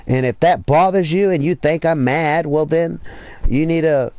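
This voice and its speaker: Man, streamer. Profane rambling rant, pushes louder for emphasis, dry close sound. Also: on the high side, moderate pace, no room sound. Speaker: livestreamer. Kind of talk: casual livestream rant.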